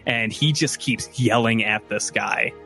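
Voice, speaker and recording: A man's voice: on the low side, a little slow, gravelly, soft background music. Man narrating as game master. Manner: relaxed storytelling with filler words. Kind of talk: narrating a tabletop game recap.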